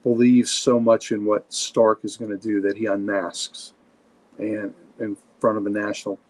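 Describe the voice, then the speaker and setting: A man's voice: fairly low pitch, little pitch movement, measured pace, a little mellow. A man co-hosting a comics podcast, chatting casually and telling a story with enthusiasm. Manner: enthusiastic, storytelling, frequent fillers. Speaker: podcast co-host.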